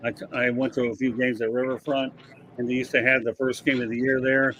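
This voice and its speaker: A man's voice: mid-range voice, flat delivery, brisk, a bit bright, slight background noise. A man hosting a casual sports talk show, giving his opinions at length and passing the word to the panel. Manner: opinionated, rambling, leads the panel. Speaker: podcast host.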